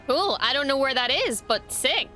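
A woman with a bright, somewhat high voice talks through a reaction video, blurting out excited exclamations and casual swearing. Her commentary is loose and spontaneous, swinging between awe and blunt remarks, with faint music underneath. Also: normal speed.

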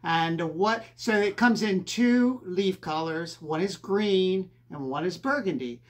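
A woman with a lowish voice, talking through houseplant care as a co-host. She explains things step by step in an easygoing, unhurried way. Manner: explanatory, steady and a bit slow. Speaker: co-host of a gardening channel. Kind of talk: casual gardening tips.

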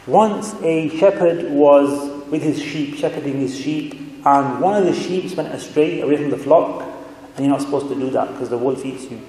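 A man giving a sermon as a guest speaker, telling stories in a chatty, animated way in a mosque hall. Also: a little high, normal speed. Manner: conversational, animated storytelling with asides. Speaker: guest speaker, religious scholar. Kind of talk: sermon with storytelling. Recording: echoey hall reverb.

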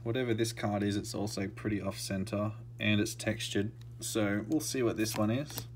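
A man's voice: fairly low pitch, steady tone, normal speed, slight background noise. A man giving casual, murmured commentary as he opens trading card packs. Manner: murmured running commentary that bursts into shouting and laughter. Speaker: card-opening vlogger.

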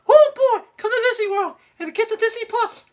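A squeaky, high-pitched cartoon mouse, giddy and crude, squealing with giggles between every line. The voice sits far above a normal man's range and bounces loudly. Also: moderate pace.

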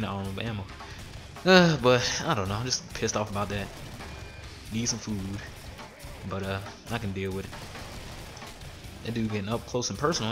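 A man in his twenties ranting with heavy swearing while commenting on his gameplay. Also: on the low side. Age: 20s. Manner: profane, exasperated ranting. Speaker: gaming streamer.

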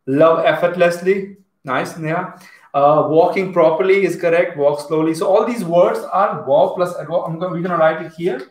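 Indian English teacher, male, a bit high-pitched, chatty, reads out viewer comments, echoey room. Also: moderate pace. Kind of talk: live online class.

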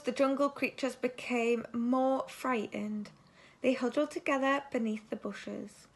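High-voiced woman reading a children's story. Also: gravelly. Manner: expressive, asks the listening children questions.

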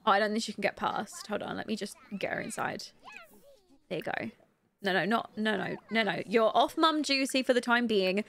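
Her voice is a little high and a bit bright as she gives casual commentary on a life-simulation game she's streaming. This young woman from Britain reads chat aloud, answers it, and giggles a lot.

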